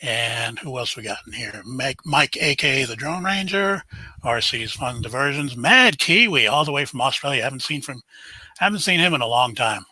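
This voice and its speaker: A man's voice: mid-range voice, lively intonation, moderate pace, sharp tone, breathy edge, no room sound, low-quality recording. An older man, hosting a casual live stream, chatting and greeting viewers by name.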